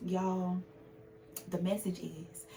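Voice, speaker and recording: A woman's voice: lowish voice, level tone, slow pace, vocal fry, warm tone, slight background noise. A woman hosting a podcast, speaking candidly and with feeling in a casual chat. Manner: emphatic, heartfelt, speaks in a dialect. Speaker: podcast host.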